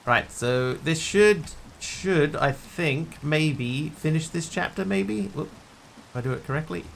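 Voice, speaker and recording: A man's voice: fairly high pitch, measured pace, gravelly, a little hiss or hum. A man streaming a game, chatting and joking with his chat as he plays. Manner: chatty, jokey, talks to chat while playing. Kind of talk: casual gameplay commentary.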